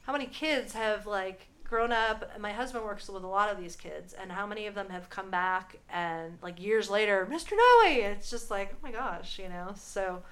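A woman musician, a guest on an interview show, chatting casually and often filling pauses with "you know" and "like.". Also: medium pitch, steady tone, fairly bright tone.

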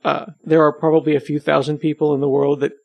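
A man talks through a relaxed podcast interview, teasing and self-deprecating as he rambles. His voice has a gravelly fry, and the recording is dry and close with no room sound. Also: on the high side, fast talker, no room sound. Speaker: podcast host and web developer, as guest.

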